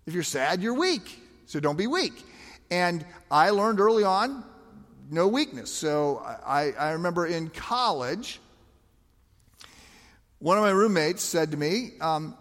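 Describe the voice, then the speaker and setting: High-voiced pastor preaching in a reverberant hall. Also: male voice, big pitch swings, measured pace, fairly bright tone. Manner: conversational, emphatic, rhetorical questions. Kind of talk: sermon.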